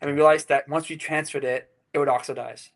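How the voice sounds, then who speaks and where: A man's voice: fairly high pitch, fairly even intonation, fast talker, gravelly. A man from England, a brewery co-founder, chatting as a podcast guest, rambling with lots of "you know" and "like". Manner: rambling, many fillers and restarts. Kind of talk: casual interview chat.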